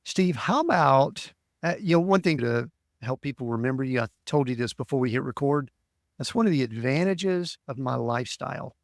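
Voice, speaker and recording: A man hosting a podcast interview, asking rambling questions in a relaxed conversational way. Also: mid-range voice, moderate pace, no echo, clean studio sound. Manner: conversational, leads questions with fillers. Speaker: podcast host.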